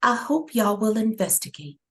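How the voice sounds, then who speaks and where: A woman's voice: sing-song, normal speed, a bit bright, slightly rough, full character voice. A woman voicing a young woman who disguises her voice with a fake accent to file a complaint by phone. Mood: earnest. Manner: fake accent, formal and high.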